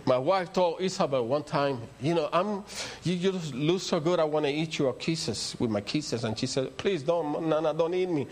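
A man's voice: a little high, normal speed, hardly any pauses. An older man with a Spanish accent, a native Spanish speaker, preaching a rambling, story-filled sermon that builds to emphatic peaks. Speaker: pastor.

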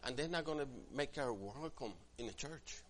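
A man preaching a sermon as pastor, swinging from quiet asides to loud, emphatic passages and acting out what church members say. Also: mid-range voice, expressive, normal speed. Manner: acts out quoted church members in different voices.

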